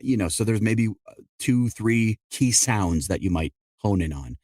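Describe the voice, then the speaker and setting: A middle-aged man with a fairly low voice explains his work as a dialect coach and narrator. He talks in a conversational, explanatory way and slips in quick quoted asides. The sound is close and dry, with no room around it. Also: expressive, a little mellow, no echo. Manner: explanatory, quick asides quoting other people. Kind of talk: conversational interview answers.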